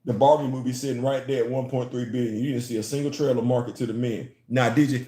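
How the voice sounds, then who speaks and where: A man's voice: mid-range voice, fast, hardly any pauses. Emphatic man ranting in an echoey room. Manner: emphatic, animated, repeats phrases to build a point. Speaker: comics and culture commentator. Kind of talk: casual opinion vlog.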